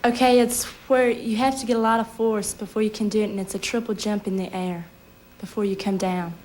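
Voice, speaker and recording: A woman's voice: mid-range voice, flat delivery, a little fast, darkish tone, slight background noise. A young woman contestant on a game show, polite and eager, explaining simply.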